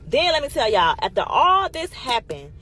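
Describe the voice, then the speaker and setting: A woman telling a casual storytime monologue in an animated, emphatic way, swearing freely and calling her listeners y'all. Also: sits high, moderate pace, low-quality recording.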